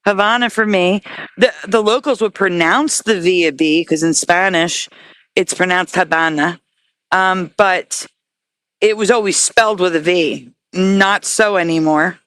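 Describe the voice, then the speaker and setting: A woman talking as an interview guest, earnest and excitable, often stopping and restarting her words. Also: lowish voice, measured pace, no echo. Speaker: guest researcher. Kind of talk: casual interview talk.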